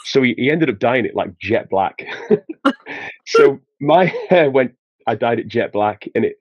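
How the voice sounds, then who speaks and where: A man's voice: mid-range voice, very animated, measured pace, slightly rough, no echo, lo-fi sound. A man from Sheffield with a Yorkshire accent, chatting as a podcast guest and telling anecdotes with a laugh. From England, Sheffield. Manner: chatty, laughs through his anecdotes, many restarts. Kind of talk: casual storytelling.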